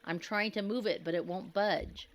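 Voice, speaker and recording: A woman voicing a desperate young man trapped in a flooded cave, yelling between gasps. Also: medium pitch, fairly even intonation, normal speed, pitched above the performer's own voice, lightly acted. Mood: strained yelling. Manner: yelling, strained, gasping.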